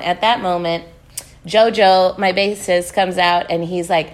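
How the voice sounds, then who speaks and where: A woman's voice: medium pitch, brisk. A young adult woman, a touring musician and podcast guest, tells a story with lots of swearing, acted-out quotes and laughter. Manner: swears a lot, acts out quotes, laughs often. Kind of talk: animated storytelling.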